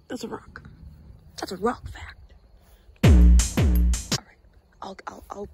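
A woman's voice: fairly high pitch, expressive, slow pace, pauses often, background noise. Chatty woman vlogger, often whispering. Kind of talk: casual vlog chat. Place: outdoors by a pond.

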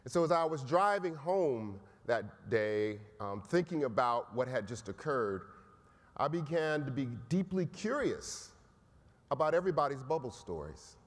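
Male keynote speaker, conversational storyteller, medium pitch, big reverberant hall. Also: sing-song, unhurried. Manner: conversational, often tags lines with "right?". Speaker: keynote speaker, college professor. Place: large conference hall. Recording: echoey hall.

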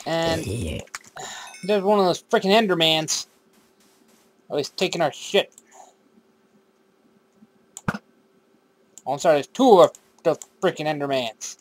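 Guy narrating his game, high-ish voice, curses a lot, rambles, slips into silly accents now and then. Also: sing-song, slow, pauses often. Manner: rambling, swears freely, talks to game characters; drifts into random put-on accents. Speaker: host of a game series. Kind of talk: casual gaming commentary.

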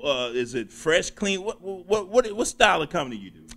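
A man from Chicago hosting an interview, asking questions in a friendly, animated way. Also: high voice, normal speed. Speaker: interviewer host. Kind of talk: casual interview chat.

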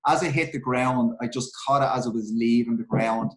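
A middle-aged man with an Irish accent recounts his playing days in a relaxed, unscripted way. He swears freely and trips over his own restarts, and his voice sits at an ordinary middle pitch. The room gives it a noticeable echo. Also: fairly quick. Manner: candid, swears freely, many restarts and fillers. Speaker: guest, former footballer. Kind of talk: casual storytelling interview. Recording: roomy echo.

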